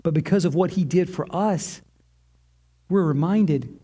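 Earnest male preacher, slightly high voice. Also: a little slow, pauses often. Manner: earnest preaching, dropping low and soft on key lines, rising when voicing prayers. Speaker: pastor. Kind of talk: sermon.

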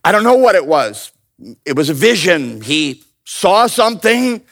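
A man teaching a Bible study in a lively, joking way, often calling on his listeners to answer. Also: high voice, measured pace, vocal fry. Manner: animated, playful, calls out to the audience. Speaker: pastor.

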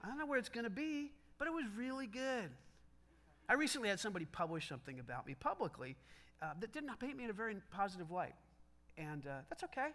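A middle-aged male pastor with a very high, sharply bright voice, preaching in a loose, chatty way. He swings his pitch around a lot, acts out quick back-and-forth exchanges and laughs along with his own stories. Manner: animated, conversational, acts out dialogue, laughs often. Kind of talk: sermon.

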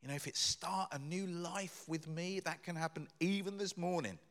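A middle-aged man, giving a guest sermon as a lively storyteller who gets louder in the tense parts. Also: on the high side, moderate pace. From Britain. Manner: animated storytelling, rising loud in acted bits. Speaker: guest speaker.

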